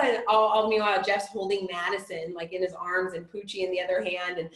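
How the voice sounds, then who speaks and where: A woman leads an informal spiritual class and explains things in a loose, chatty way, doubling back on her words. Her voice sits at an ordinary middle pitch. The room around her echoes noticeably. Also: steady tone, brisk, hardly any pauses. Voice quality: rambling, chatty, many restarts and fillers. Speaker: spiritual teacher.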